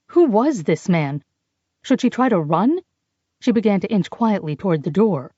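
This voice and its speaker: A woman narrating a novel in a measured, even way. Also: on the low side, dry recording, lo-fi sound. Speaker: audiobook narrator. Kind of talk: scripted narration.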